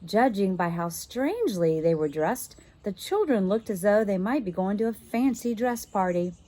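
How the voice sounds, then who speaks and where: A woman teacher reading a children's chapter book aloud, expressive and now and then stopping to work out a word. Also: medium pitch, moderate pace. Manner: expressive, stops to puzzle out words.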